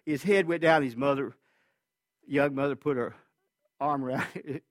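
A male pastor preaching a sermon tells a personal story earnestly and with feeling, his voice swinging between loud and hushed. He has a mid-range voice at normal speed, recorded in studio quality with no room sound.

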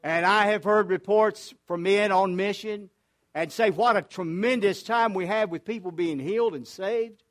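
An older man, a pastor, preaching a sermon in an earnest storytelling way, with frequent restarts. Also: sits high.

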